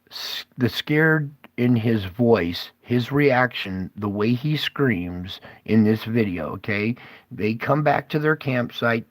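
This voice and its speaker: A man's voice: mid-range voice, dry recording. A man rambling as he hosts a conspiracy video, breaking up his talk with questions to the viewer. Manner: rambling, keeps asking "okay?".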